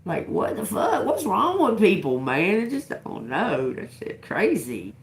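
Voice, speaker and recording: A tarot reader with a grown daughter tells stories on a livestream, swearing a lot and laughing often in her blunt way. Her mid-range voice swoops wildly in pitch while keeping a measured pace, and the room gives it a noticeable echo.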